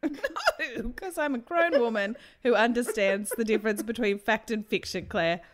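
A woman's voice: a little high, moderate pace. A young woman co-hosting a podcast, telling stories bluntly and with plenty of swearing. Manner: blunt, sweary, animated storyteller. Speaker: podcast co-host. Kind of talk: casual chat.

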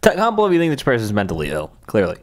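A man's voice: lowish voice, wildly swooping pitch, racing, very noisy. A man hosting a political commentary show, talking in a blunt, scornful and mocking way over clips.

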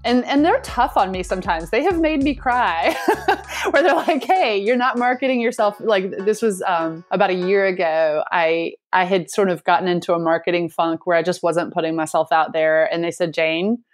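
Lively, laughing woman business coach. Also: on the low side, moderate pace, soft background music. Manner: animated storyteller, acts out quotes, laughs often. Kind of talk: casual interview conversation.

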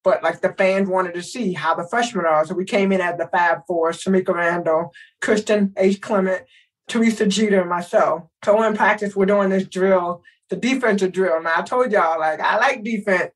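A middle-aged woman from Texas telling a lively story in casual chat, acting out the voices of people in it. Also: medium pitch, moderate pace, recorded from a distance, poor audio. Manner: animated, acts out voices in her story. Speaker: guest.

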